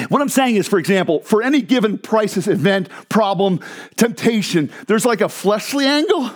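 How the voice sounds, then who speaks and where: A man's voice: high voice, animated, normal speed. A man preaching a sermon to a crowd in a church hall, joking and asking the listeners questions. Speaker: pastor.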